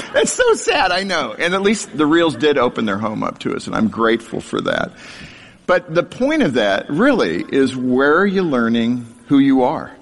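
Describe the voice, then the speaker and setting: A man's voice: medium pitch, wildly swooping pitch, unhurried, vocal fry, fairly bright tone. A middle-aged man preaching a storytelling sermon, sharing his childhood with self-deprecating humor and frequent laughter. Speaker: speaker sharing a testimony. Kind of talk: storytelling sermon to a live audience. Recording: long hall reverb.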